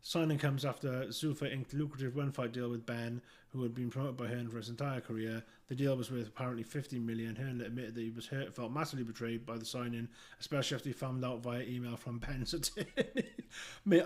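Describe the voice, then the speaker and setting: A man reading out news and giving blunt, profane, scornful commentary. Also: mid-range voice.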